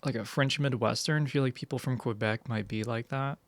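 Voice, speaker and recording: Male streamer, casual rambling chatter, dry close-mic sound, mid pitch. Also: steady tone, brisk, dry recording. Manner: rambling, many "like" fillers, reads chat aloud. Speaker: livestreamer.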